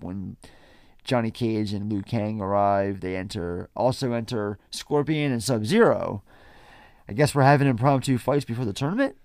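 A man's voice: mid-range voice, clear, resonant tone, no room sound, clean studio sound. A man hosting a podcast, casually recapping a film from his notes with a wry, profane manner. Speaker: podcast host.

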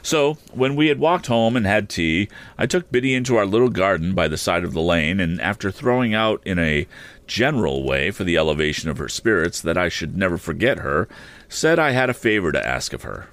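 Deep-voiced man narrating a classic novel audiobook, very lively intonation, dry close sound. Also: dry recording. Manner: measured, expressive first-person storytelling.

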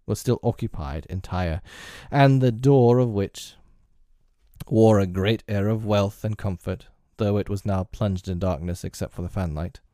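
A man reading a classic novel aloud in a measured, steady storybook narration. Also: on the low side, no room sound, clean studio sound.

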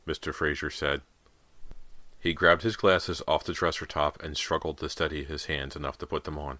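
A man reading a horror audiobook aloud with dramatic, expressive narration, on a close studio mic. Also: very deep voice, brisk, no echo. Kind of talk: scripted narration.

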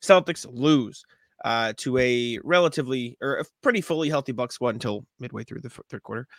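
A man hosting a casual sports podcast, talking loosely and reeling off stats in quick lists. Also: mid-range voice, fairly bright tone, no echo, clean studio sound. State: has the hiccups. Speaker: podcast host.

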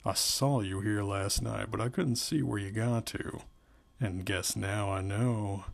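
A man reading aloud, voicing a gaunt, sneering middle-aged night guard in a slow, low, menacing way. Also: gravelly, breathy edge, exaggerated voice.

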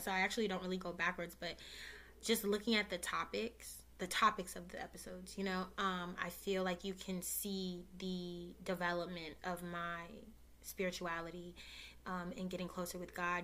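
A young woman hosting her own podcast speaks directly to her listeners in a casual, heartfelt way, using many fillers and sounding close to tears. Her voice is lowish with a sharp tone.

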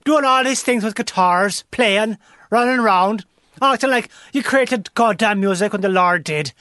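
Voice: mid-range voice, normal speed, bright, forceful tone, no echo, studio quality, natural voice. A comedian voicing a furious, pious old Irish woman who calls in to scold and curse, in an improvised comedy bit. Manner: scolding, ranting, cursing.

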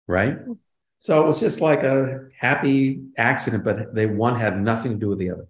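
With a mid-range voice, fairly even intonation and normal speed, an older male guest who writes and produces sitcoms tells lively stories in a relaxed interview. He acts out quoted dialogue, and the recording has a roomy echo.

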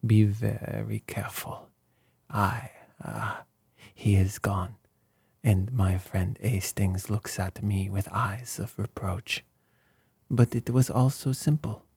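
A man's voice: fairly low pitch, steady tone, slow pace, vocal fry, darkish tone, breathy edge, no echo, full character voice. A man voicing a fussy, precise older male detective who speaks formally with mild reproach. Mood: explaining.

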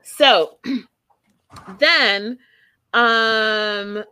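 A woman's voice: a little high, drawn-out words, smooth. A woman hosting a casual chat, animatedly recapping a reality show and acting out what people said. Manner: animated storyteller, acting out quotes with emphasis.

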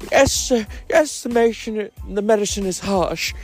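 A man's voice: sits high, moderate pace, faint music behind, pitched above the performer's own voice. A man doing a stern, imperious old stateswoman. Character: imperious older woman prime minister, stern.

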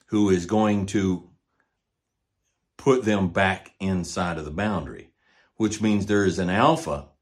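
An older man with a very low voice talks in a casual monologue about horses and ranch life. He is folksy and plainspoken and repeats his points for emphasis. He runs the show on his own. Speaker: podcast host, rancher and horse trainer.

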